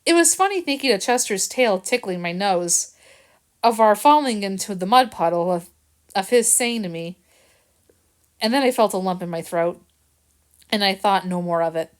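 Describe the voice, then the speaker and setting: A woman reading a children's novel aloud in a quiet, earnest way, stumbling over a word now and then. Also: medium pitch, lively intonation, normal speed, pauses often, clear, resonant tone. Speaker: reader.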